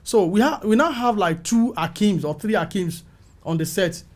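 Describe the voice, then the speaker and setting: A middle-aged Nigerian man tells his story with a fairly high voice. He acts out the people in his story, and his voice jumps up whenever he quotes someone. He sounds like a guest sharing his career in an interview. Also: moderate pace. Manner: animated, acts out calls and quotes with rising pitch. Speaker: film makeup artist, guest.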